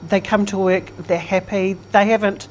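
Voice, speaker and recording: An older woman speaking as an interview guest in a relaxed, reflective conversation, laughing easily as she talks. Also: mid-range voice, moderate pace, lo-fi sound, slight background noise. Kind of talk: casual conversation.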